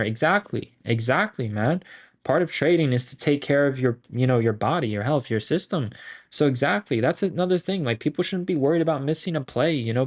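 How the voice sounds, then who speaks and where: A man hosting a stock trading group, talking in a profane, boastful, rambling and excitable way. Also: mid-range voice. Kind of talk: hyped casual trading recap.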